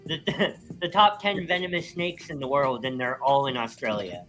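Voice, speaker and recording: A man's voice: medium pitch, normal speed, a bit bright, soft background music, rough recording. A man co-hosting a live crypto show, reading a sponsor roll-up in an easygoing way with many filler ums. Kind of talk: casual chat and ad read.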